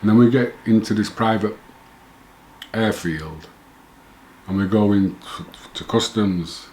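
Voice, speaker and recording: A man's voice: fairly low pitch, measured pace, a little mellow, a little hiss or hum. A middle-aged man telling his own story in a rambling, self-correcting way, chuckling now and then. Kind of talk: casual first-person storytelling.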